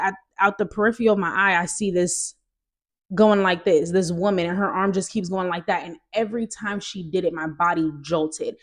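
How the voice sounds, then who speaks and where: Young woman, vlogger, animated storytelling, casual testimony, talks to viewers directly. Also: mid-range voice.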